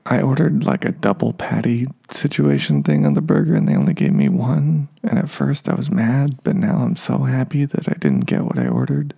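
This podcast host, a man in his thirties, talks to his audience in a rambling, offhand way, leaning on fillers and poking fun at himself. His voice is lowish and dark-toned, slightly rough, with noticeable vocal fry.

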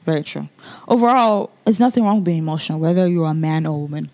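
A young woman co-hosting a casual chat, animated and acting out other people's lines in mocking voices. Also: sits low, fast talker. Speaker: podcast co-host.

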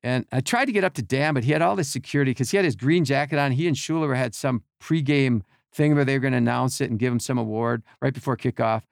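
A middle-aged man, a podcast guest, telling animated behind-the-scenes stories and acting out quotes and sounds. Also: mid-range voice, quick pace, creaky, few pauses, no room sound, clean studio sound. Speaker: podcast guest, team equipment worker. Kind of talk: casual storytelling.

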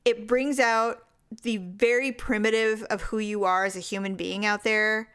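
A woman chatting casually as a podcast co-host, animated, acting out what people said. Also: medium pitch, normal speed, clear, resonant tone. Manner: animated storytelling, acts out quotes. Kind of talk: casual chat.

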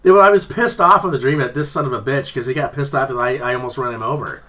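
A man's voice: mid-range voice, fast, sharp tone. A man in casual chat, telling rambling, profane stories with frequent laughter.

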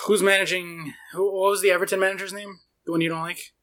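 Blunt, sweary man with a higher voice. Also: level tone, brisk, fairly bright tone, slight background noise. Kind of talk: casual chat.

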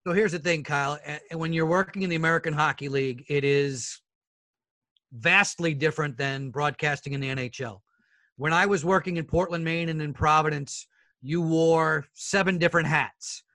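A middle-aged man, a guest sports broadcaster, telling animated stories in a casual interview and acting out the people in them. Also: on the high side, normal speed, dry recording. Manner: animated storyteller who acts out the other people in his stories; addresses the hosts as fellas.

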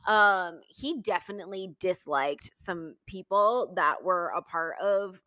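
A woman's voice: fairly low pitch, takes it slowly, sharp tone, dry recording, clean studio sound. A young adult woman, a podcast co-host, reacting bluntly and emphatically with lots of swearing in casual chat.

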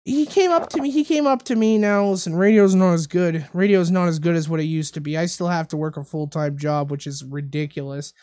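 A man hosting a casual talk show, telling a story in a rambling, animated way and repeating his words. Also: fairly high pitch, a little fast, hardly any pauses. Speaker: radio show host. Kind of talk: casual podcast chat, storytelling.

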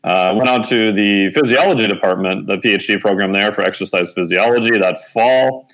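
A man in his forties with a slightly low voice tells a personal story in a loose, chatty way. He fills pauses with "uh" and "you know" and often corrects himself mid-sentence. When he quotes other people, his pitch leaps up as he acts out their lines. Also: rough recording. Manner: animated storyteller who acts out quoted dialogue with lively pitch jumps; conversational, with frequent fillers and self-corrections. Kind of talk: storytelling in an interview.

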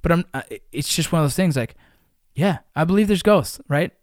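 A man with a slightly raised voice tells a story in casual podcast chat. He curses freely and flares into shouts at the tense moments. The sound is dry and close to the mic. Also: a little high, a little fast, no room sound. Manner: animated, profane, shouts during exciting moments. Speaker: podcast host.

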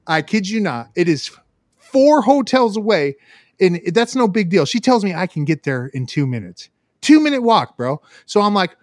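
Male co-host, raised voice, very lively delivery, profane storyteller who does the voices himself. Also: high-pitched, normal speed, no room sound, clean studio sound. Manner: profane, animated, acts out voices in his stories. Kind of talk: casual storytelling chat.

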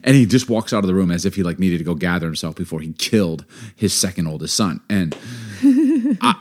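A middle-aged man co-hosting a podcast, telling a story in casual chat, animated and emphatic, laughing often. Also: sits low, brisk. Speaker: podcast co-host.

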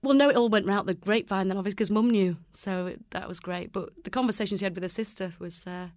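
A woman's voice: mid-range voice, fast talker, a little mellow, dry recording, studio quality. A Mancunian woman in her forties, a children's entertainer, chatting in an interview, laughing often and acting out the voices of people she quotes. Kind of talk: casual interview chat.

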